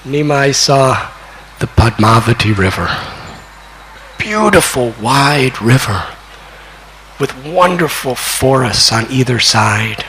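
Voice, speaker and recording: An older man in his sixties gives a devotional storytelling lecture, taking his time over every phrase. His voice sits at an ordinary middle pitch. He now and then rises into bursts of excitement. A faint hiss runs underneath. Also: low-quality recording. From United States. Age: 60s. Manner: slow, deliberate, rising to excited peaks when retelling. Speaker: spiritual teacher.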